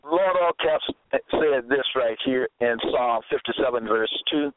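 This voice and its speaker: A man preaching alone in a deliberate, halting way, reading scripture aloud with many fillers and repeated phrases. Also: mid-range voice, dry recording. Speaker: preacher presenting his own episodes. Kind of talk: slow solo sermon reading scripture aloud. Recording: tinny phone-line sound, dry.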